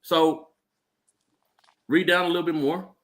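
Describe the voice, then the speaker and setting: Explaining scripture in a street-style Bible class streamed live, a male teacher speaks at a measured pace with a fairly high, level, slightly bright voice. He punctuates points with "right?" and tends to stumble on repeated words.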